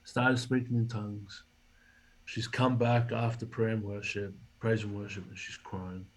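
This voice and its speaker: A former rugby league player, appearing as a podcast guest, tells a story in an interview and animatedly acts out the dialogue he quotes. His low, husky voice is unhurried, and his pitch stays fairly flat even when voicing others. The recording is low quality.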